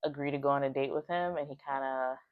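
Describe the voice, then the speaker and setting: A woman's voice: very deep voice, steady tone, fast, clean tone, dry recording, phone-quality sound. A woman casually recapping a book's chapters in a chatty way, full of "like" fillers and bits of acted-out quotes. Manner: chatty, with many "like" fillers, acting out quoted lines. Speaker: book reviewer.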